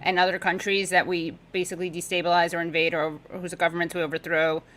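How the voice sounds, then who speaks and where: A woman guest talking politics in casual chat, sarcastic and talkative, with quick asides. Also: on the low side, level tone, a bit bright, rough recording. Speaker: podcast guest.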